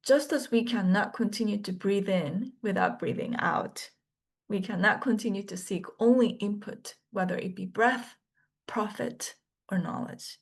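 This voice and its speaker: Measured woman instructor reading a lecture. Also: mid-range voice. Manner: measured, deliberate delivery with pauses between list items. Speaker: course instructor. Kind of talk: scripted orientation lecture.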